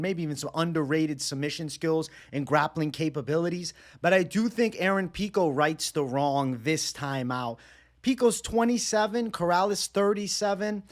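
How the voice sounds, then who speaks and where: A man giving a casual solo breakdown of fight picks and betting odds, energetic and slangy in a conversational way. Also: on the high side. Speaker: MMA betting analyst.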